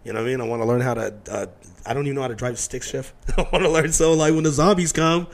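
A middle-aged man chatting casually, telling animated stories, acting out the voices of people in them and swearing freely. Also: medium pitch, very fast. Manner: animated storyteller who acts out quotes, swears freely. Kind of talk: casual conversation.

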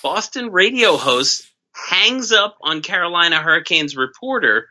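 Bright-toned man in crude podcast banter. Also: high-pitched, lively intonation, a little slow, poor audio. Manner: crude, sardonic, doing mock voices. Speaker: podcast co-host. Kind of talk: casual comedic banter.

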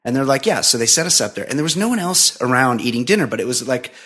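A man's voice: mid-range voice, sing-song, quick pace, a bit bright. A man co-hosting a podcast, telling a long story in casual, profane, rambling chat full of fillers. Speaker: podcast co-host.

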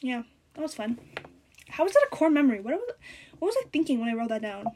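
A teenage girl vlogging casually, reading out her own notes with rambling, sarcastic, animated storytelling while chewing gum. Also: high-pitched, quick pace, a little hiss or hum. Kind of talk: casual chat.

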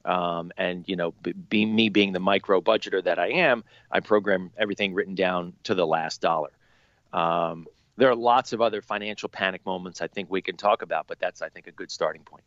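A man's voice: deep voice, a little fast, dry recording, highs cut off. A man co-hosting a podcast about money, chatting casually with lots of ums and restarts. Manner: relaxed, filler-heavy. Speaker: podcast co-host.

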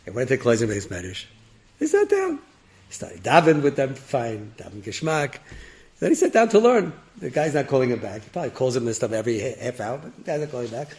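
Guy telling a story, gravelly voice, lively, does the voices. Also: medium pitch, fast, few pauses. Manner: lively, acts out characters with rising excited voices and laughs. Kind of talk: animated oral storytelling.

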